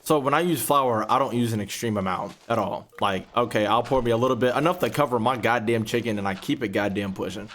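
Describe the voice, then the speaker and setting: A young man, casually telling a profane, animated story while playing a game. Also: fast talker, hardly any pauses. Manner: profane, animated storytelling, rising pitch when retelling outrage. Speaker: gaming YouTuber. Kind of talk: casual storytelling over gameplay.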